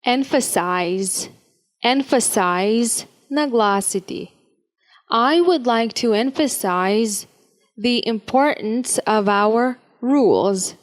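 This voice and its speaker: A language teacher reads vocabulary at a very slow, measured pace, carefully enunciating each word. Her voice is a little high for a woman, and she moves steadily through each word and example sentence like a lesson drill.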